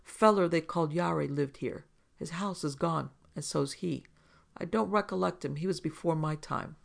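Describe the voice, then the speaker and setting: A rustic mountain man cooking over a campfire, voiced by a man reading a story. He talks in plain, matter-of-fact backwoods dialect. His voice has a strong gravelly grain. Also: on the high side, normal speed. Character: rustic mountain man, camp cook, superstitious.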